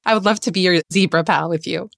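A woman's voice: fairly low pitch, steady tone, fast, creaky, fairly bright tone, no echo, clean studio sound. A woman hosting a podcast interview, effusive and enthusiastic in a casual chat. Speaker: podcast host.

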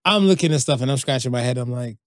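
A man's voice: medium pitch, lively intonation, quick pace, no room sound, studio quality. A man from Canada co-hosting a podcast in casual chat, slangy and rambling with lots of fillers and restarts. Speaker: podcast co-host.

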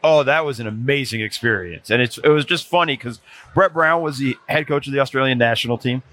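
A man guest on a casual sports podcast, telling animated anecdotes and often restarting his sentences. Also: mid-range voice, brisk. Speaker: podcast guest, former NBA video coordinator. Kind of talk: casual storytelling chat.

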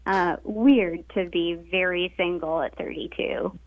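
A woman's voice: on the low side, fairly even intonation, unhurried, vocal fry. A woman in her thirties calling in to an advice show, talking hesitantly with many fillers. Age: 30s. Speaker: caller. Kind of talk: call-in conversation. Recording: dry tinny phone line.

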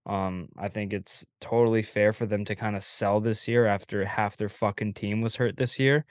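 A young man with a fairly low voice hosts a casual sports chat. He lays out relaxed, opinionated takes with the odd curse. The sound is dry and close. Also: moderate pace, no echo. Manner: relaxed, opinionated, loose with fillers and swearing. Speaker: podcast host.

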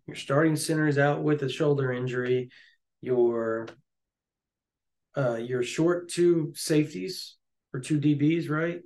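A man co-hosting a casual sports chat, jokey and excitable, often laughing. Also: mid-range voice. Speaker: sports podcast co-host.

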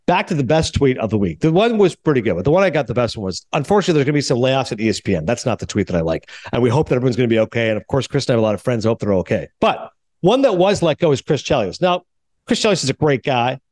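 A man from Canada hosting a podcast, telling stories in a lively way and acting out what others said. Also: mid-range voice, rapid-fire. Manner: animated storyteller, acts out quotes. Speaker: podcast host. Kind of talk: casual sports and film chat.

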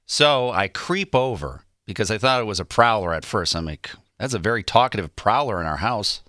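A man in his forties co-hosting a morning radio show, telling a story with animated energy and acting out the quotes. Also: lowish voice, brisk, no echo, studio quality.

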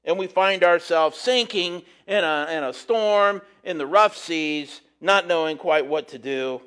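A man preaching a conversational sermon, reading scripture and adding relaxed, chatty asides. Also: on the high side, a little slow, clean tone.

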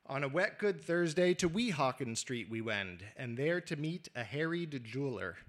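A man reading his own prose aloud at a live literary reading, measured and wry. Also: medium pitch, expressive.

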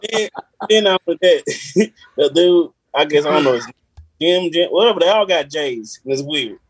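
A man's voice: on the high side, lively intonation, normal speed, husky, dry recording. A man co-hosting a podcast, telling rambling stories with laughs in casual chat.

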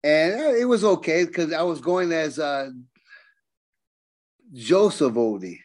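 An older man, a guest on a podcast, telling wrestling road stories in casual, animated talk, acting out the quotes. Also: a little high, measured pace. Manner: animated storyteller, acts out quotes. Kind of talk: casual storytelling.

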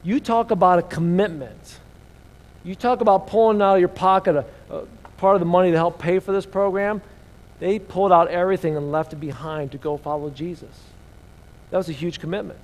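A man's voice: high-pitched, steady tone, brisk. A man preaching a sermon, reading scripture and asking the room rhetorical questions, his voice swelling and dropping. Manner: rises and drops in loudness, rhetorical questions. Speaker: pastor. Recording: long hall reverb.

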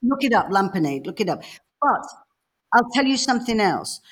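A woman from the north of England, co-hosting a podcast and telling stories in a lively, emphatic, casual way. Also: mid-range voice, normal speed, breathy edge. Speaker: podcast co-host. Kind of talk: casual chat.

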